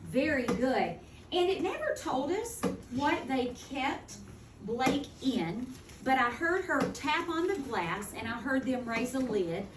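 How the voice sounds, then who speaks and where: A woman teaching a second-grade phonics lesson, speaking clearly and deliberately. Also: high-pitched, sing-song. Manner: clear, deliberate teacher talk, slowing to model words. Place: classroom. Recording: echoey classroom from far off, noisy.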